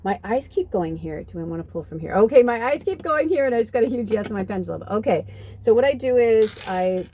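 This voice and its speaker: A woman's voice: fairly high pitch, animated, a little fast, warm tone, a little hiss or hum. A woman in her fifties, a psychic medium giving a chatty channeled reading to her viewers, casual and swearing freely. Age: 50s. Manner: chatty and swearing, addresses viewers as "you guys". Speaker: psychic medium and tarot reader.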